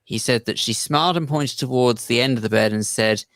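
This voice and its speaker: Male radio co-host, mid-pitched, wry and touched while reading messages. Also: brisk, fairly bright tone, no room sound. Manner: reads messages aloud, wry and moved. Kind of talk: casual radio chat, reading listener messages. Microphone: studio microphone.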